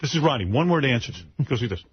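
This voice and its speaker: A man hosting a radio show, telling a story in a casual, swearing, animated way and acting out the people in it. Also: medium pitch, quick pace. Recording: dull radio broadcast with faint noise.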